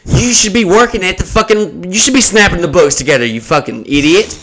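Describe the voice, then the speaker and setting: A man's voice: sits high, fairly quick, few pauses, fairly bright tone. A man, a stand-up comedian hosting a podcast, ranting in a profane, exasperated casual chat.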